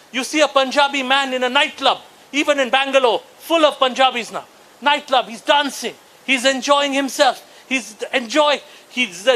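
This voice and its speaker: High bright-voiced male stand-up comic. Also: rough recording. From Bengal, India. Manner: animated, mock-indignant, bursts into shouting impressions. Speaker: stand-up comedian. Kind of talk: stand-up comedy set at a conference. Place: conference hall before a live audience.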